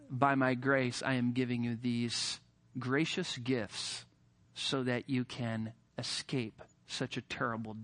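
A preacher playing a stern but merciful male desert warden, speaking low and measured. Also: fairly bright tone, dry recording.

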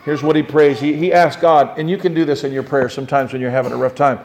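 A man preaching a sermon, dropping to soft low asides and then climbing into impassioned cries as he acts out prayers. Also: steady tone, fast talker. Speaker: pastor.

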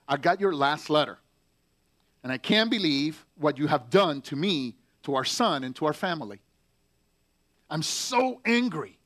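A hurt young Marine pours out bitter, pained words in a letter home, as a preacher reads him aloud. The voice sits fairly high for a man and comes out halting and heavy with anguish. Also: a bit bright. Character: angry, heartbroken young male Marine writing home. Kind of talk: letter read aloud in a sermon.

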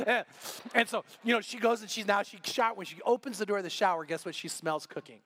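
A middle-aged male pastor with a high voice delivers a sermon in a church, his storytelling animated as he acts out each person in the tale. He shifts into the characters' lines with energy. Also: quick pace, vocal fry. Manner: animated storytelling, acting out dialogue.

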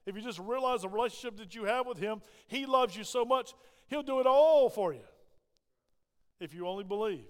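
Male preacher, high clear voice, church hall reverb, emphatic sermon. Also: brisk. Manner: emphatic, rising and falling preaching delivery. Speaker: pastor. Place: church sanctuary.

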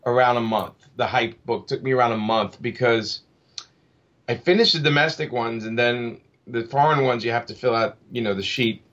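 A man's voice: mid-range voice, normal speed, a bit bright. A man speaking as a comic book creator in a casual interview, rambling with many restarts and fillers. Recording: slightly dull lo-fi audio.

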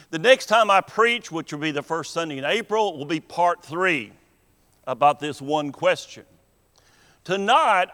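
A man preaching a sermon in a church, earnest and deliberate, with emphatic pauses. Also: on the high side, fairly bright tone. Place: church sanctuary. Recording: long hall reverb in a church.

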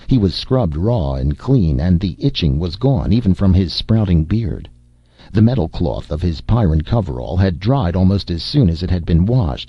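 A man narrating a novel as an audiobook reader, with an expressive, varied delivery. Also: low voice, breathy edge, no echo. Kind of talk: scripted narration. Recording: dull, dry lo-fi recording.

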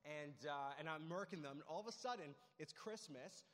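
Young male pastor, slightly high voice, chatty storytelling sermon, long hall reverb. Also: normal speed, a bit bright. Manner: casual, storytelling, frequent "like" and "right?". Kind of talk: sermon with personal stories.

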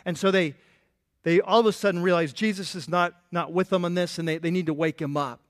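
A man preaching a sermon as a pastor, animated and playful, acting out the voices in the stories he tells. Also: high-pitched, a little fast. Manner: animated, playful, acts out quotes.

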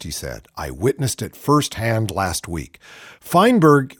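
A male talk radio host with a lively, swinging delivery who reads out news stories and then cuts in with sarcastic jabs. He sounds close and dry on the mic, with no room around him. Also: on the low side, slightly rough, no room sound. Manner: sardonic, reads news items aloud with mocking asides. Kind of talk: political talk radio commentary.

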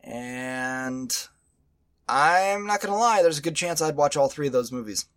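Male podcast host, slightly high voice, halting and teasing in casual chat. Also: expressive, fairly bright tone. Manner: stammering restarts, teasing.

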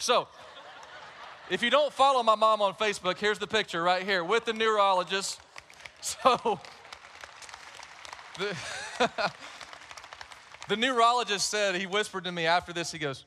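Bright high-voiced male pastor preaching. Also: normal speed, a little hiss or hum. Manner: conversational storytelling, warm humor. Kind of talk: sermon. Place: large church.

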